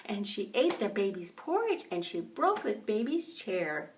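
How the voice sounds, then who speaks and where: A grandmother telling a bedtime story in an animated, dramatic way, recorded from a distance. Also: medium pitch, a little hiss or hum. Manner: animated, dramatic, slow and expressive.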